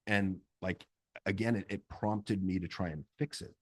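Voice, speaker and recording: A middle-aged man co-hosting a couples therapy podcast, explaining in a calm, measured way. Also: lowish voice, breathy edge, no echo. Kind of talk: casual chat with role-play.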